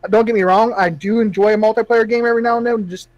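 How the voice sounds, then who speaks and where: A man's voice: high-pitched, fairly even intonation, fast talker, darkish tone, no room sound, lo-fi sound. A man on a gaming podcast panel, chatting in an easygoing, enthusiastic way. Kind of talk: casual chat.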